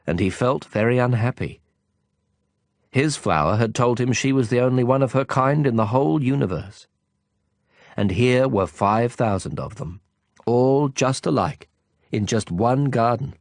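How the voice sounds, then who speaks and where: A man narrating an audiobook, telling the story slowly and expressively. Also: mid-range voice, lively intonation, no echo, studio quality. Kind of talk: scripted narration.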